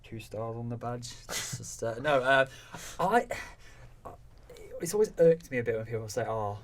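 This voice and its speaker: A man's voice: medium pitch, lively intonation, moderate pace, recorded from a distance. A young man co-hosting a football podcast, stumbling over restarts before making firm points. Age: young adult. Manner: hesitant restarts, then opinionated bursts. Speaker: podcast co-host. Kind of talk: casual football chat.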